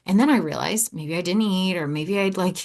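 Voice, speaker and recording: A woman's voice: lowish voice, a little fast, a little mellow. A woman hosting her own podcast as an ADHD coach. She talks in a loose, rambling way, breaks off mid-sentence, repeats words and laughs easily. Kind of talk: casual solo podcast monologue.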